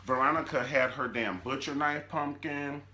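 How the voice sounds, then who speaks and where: A man hosting a comedic TV recap, telling the story in an animated, sassy way. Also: mid-range voice, moderate pace. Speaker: YouTube show recap host.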